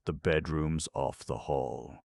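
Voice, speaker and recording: A man's voice: extremely low pitch, fairly even intonation, slow, gravelly, darkish tone, heavily acted. A man reading the part of a young hotel hall boy, giving blunt, matter-of-fact answers. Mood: plain.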